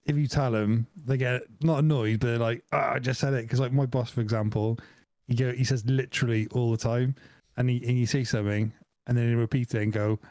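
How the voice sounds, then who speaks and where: A man's voice: medium pitch, steady tone, brisk, darkish tone, no echo, clean studio sound. A man co-hosting a podcast, chatting casually and telling rambling, laughing stories full of "like". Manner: rambling, laughing storyteller, says "like" a lot. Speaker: podcast co-host. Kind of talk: casual chat.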